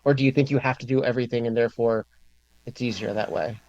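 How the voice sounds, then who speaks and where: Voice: medium pitch, steady tone, fast, darkish tone, dry recording, lo-fi sound. A podcast host asking questions in a casual interview chat, drawing the questions out.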